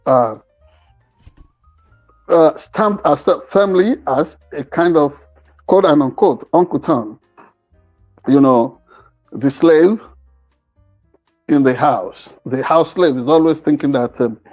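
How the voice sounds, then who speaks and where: A man giving opinionated commentary as a co-host, hesitant and filling pauses while he searches for words. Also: a little high, a little mellow, muffled recording, faint music behind. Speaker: news commentator.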